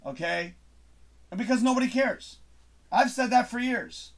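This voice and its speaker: A man's voice: very high voice, a little slow. A man hosting his own show, ranting to camera in a frustrated, swearing monologue with emphatic bursts. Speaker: host. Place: home studio.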